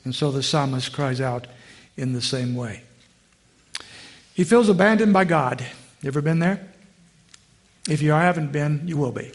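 A male pastor preaching a sermon in a conversational way, asking the congregation questions and dropping low and quiet on emotional phrases. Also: expressive, moderate pace, long pauses.

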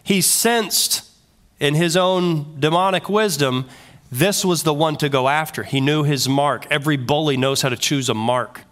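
A male pastor preaching a sermon in an animated way, full of rhetorical questions. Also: a little high, unhurried.

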